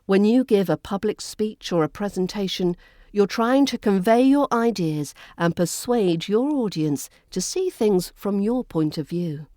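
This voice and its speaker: A woman with a British RP accent, hosting a podcast lesson in a clear, measured, well-enunciated delivery. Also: mid-range voice, animated, mellow, no echo, studio quality. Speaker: accent coach and podcast host.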